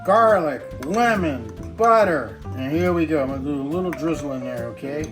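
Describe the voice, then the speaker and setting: A man's voice: fairly high pitch, lively intonation, normal speed. A man hosting a home cooking demonstration in a kitchen, playful and chatty, talking straight to his viewers. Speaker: cooking show host. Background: background music.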